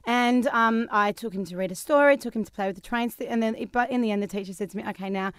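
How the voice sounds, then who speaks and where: Australian woman, thirties, podcast co-host, rapid animated storyteller, smooth dry studio voice. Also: on the high side, dry recording. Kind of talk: casual chat.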